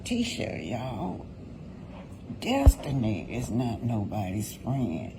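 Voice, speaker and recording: A man's voice: medium pitch, wildly swooping pitch, takes it slowly, background noise. A man giving casual vlog commentary on a reality show, talking straight to his viewers and repeating points for emphasis.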